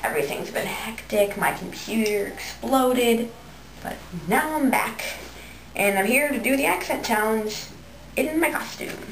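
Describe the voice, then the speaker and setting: A woman's voice: a little high, lively intonation, measured pace, slight background noise. A young woman from Manhattan, doing a challenge vlog, reading a word list and then a book passage. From New York City, Manhattan. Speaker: vlogger. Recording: echoey room, voice a bit far from mic.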